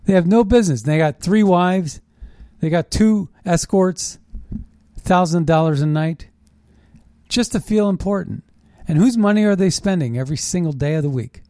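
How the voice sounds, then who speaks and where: A man hosting a show, delivering a fast, indignant and sarcastic political monologue. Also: high voice, no echo, clean studio sound. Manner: animated, indignant, sarcastic ranting. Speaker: political commentary host.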